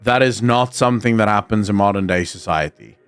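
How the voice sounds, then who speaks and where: A man's voice: lowish voice, a little fast, smooth, no room sound, soft background music. A man from Africa, talking bluntly and rambling with frequent restarts in casual commentary. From South Africa. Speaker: streamer host.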